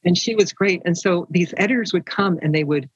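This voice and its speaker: An older woman who writes romance novels tells stories in an interview, her fairly low, slightly rough voice moving a little fast. She's animated and acts out the voices of those she quotes; the recording is muffled but has no echo.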